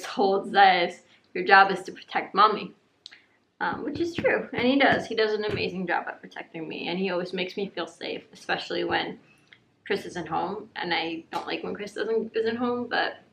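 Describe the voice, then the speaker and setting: A woman's voice: normal speed, gravelly, fairly bright tone, echoey room, slight background noise. A woman chatting casually in a vlog, rambling with lots of fillers. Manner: high baby-talk when cooing to her dogs. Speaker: vlogger.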